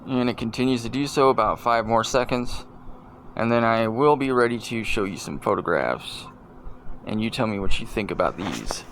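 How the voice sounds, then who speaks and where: A man hosting a video and commenting casually over clips in a deadpan, rambling, joking way. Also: lowish voice, moderate pace, a little hiss or hum. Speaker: video host.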